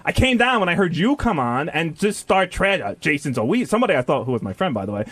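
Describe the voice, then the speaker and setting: Sarcastic man firing back quickly. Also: on the high side, sing-song, a bit bright, slightly rough, no echo. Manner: sarcastic, needling. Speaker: show staffer. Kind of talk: heated on-air argument.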